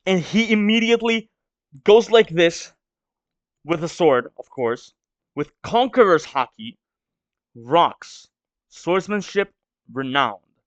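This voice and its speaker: A man's voice: fairly high pitch, no room sound, lo-fi sound. A man with a stuffy nose from a cold, reading a manga aloud and reacting to it in hesitant, filler-heavy musing.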